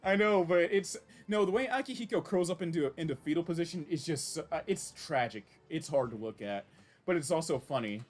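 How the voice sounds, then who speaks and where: Animated male game streamer. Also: on the high side, a little fast. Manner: rambling, animated, with frequent restarts and reactions. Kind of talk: casual live-stream commentary.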